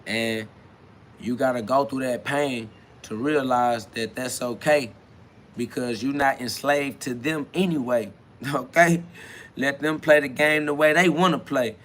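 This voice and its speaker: A man's voice: medium pitch, a little slow, a bit bright, slight background noise. A man hosting a solo self-talk podcast, rambling loosely in with frequent laughs. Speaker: podcast host.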